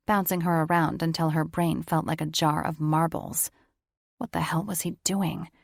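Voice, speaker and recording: A woman reads an audiobook in a steady, measured storytelling style. Her voice is slightly low and a bit gravelly. The recording is dry and close-miked, with no room sound.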